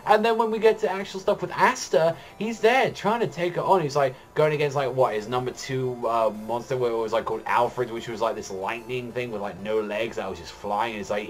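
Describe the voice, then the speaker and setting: A man's voice: mid-range voice, fairly quick, hardly any pauses. A young man reviewing manga in a casual chat, rambling with heavy filler words and frequent swearing.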